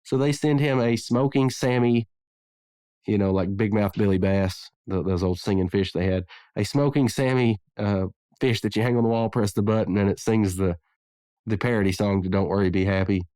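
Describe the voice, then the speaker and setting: A man chats casually as a podcast host, wandering through his thoughts with frequent restarts. His voice sits on the low side. The recording is dry and close, with no room echo. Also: moderate pace, dark tone, clear, resonant tone. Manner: rambling, many restarts and fillers. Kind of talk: casual chat.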